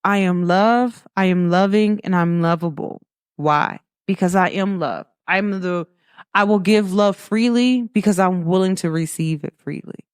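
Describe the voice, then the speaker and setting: A young woman hosts a casual spiritual pep talk, telling stories animatedly, laughing often, and acting out the voices she quotes. Her voice is fairly low, smooth, and a little slow, captured in studio quality with no echo.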